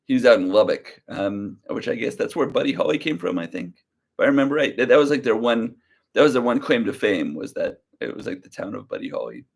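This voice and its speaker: A relaxed young man chats his way through a livestream, his mid-range voice easy and unhurried. He drifts from story to story and answers viewer comments in a slow, laid-back way, with a light drawl. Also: mid-range voice, creaky, breathy edge. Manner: relaxed, rambling, reads viewer comments aloud. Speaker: livestream reseller host. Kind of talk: casual livestream chat.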